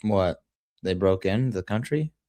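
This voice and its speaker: A man's voice: deep voice, animated, a little slow, dark tone, no echo. A man hosting a podcast, telling crude stories in casual chat and laughing at his own jokes. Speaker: podcast host.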